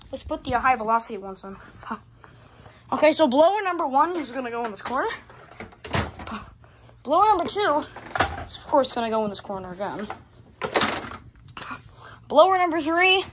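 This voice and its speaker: A woman filming a casual home vlog on her phone, rambling excitably and swearing constantly as she shows off her fans. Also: a little high, slight background noise. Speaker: hobbyist vlogger showing her fans. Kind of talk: casual unscripted vlog commentary. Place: indoors at home. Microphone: phone camera held while filming.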